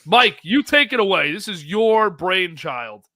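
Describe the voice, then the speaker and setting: Dude co-hosting a baseball show, bouncy pitch, bright tone, teasing a lot. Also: male voice, unhurried, no echo, studio quality. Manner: lively, laughing, teasing. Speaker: podcast co-host. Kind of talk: casual sports chat.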